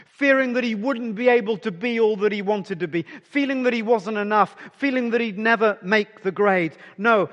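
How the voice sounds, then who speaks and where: A man preaching a sermon as a pastor, conversational and personal, dropping to soft near-whispers for emphasis. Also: high voice, in a large hall.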